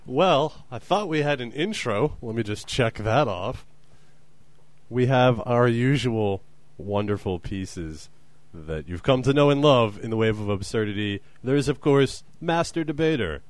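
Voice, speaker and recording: A man's voice: mid-range voice, lively intonation, measured pace, no room sound. A man hosting a comedy podcast with dry, exasperated sarcasm. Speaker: podcast host.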